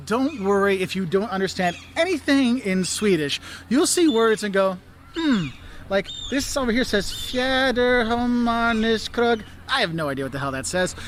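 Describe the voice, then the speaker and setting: High-voiced enthusiastic man giving travel tips. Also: animated, fairly quick, fairly bright tone, a little hiss or hum. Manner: enthusiastic, laughs often, does mock voices. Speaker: travel video host. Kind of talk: travel advice vlog.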